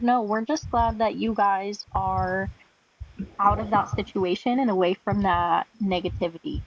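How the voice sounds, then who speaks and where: A woman's voice: mid-range voice, normal speed, lo-fi sound. A woman chatting casually on a group live stream, laughing often.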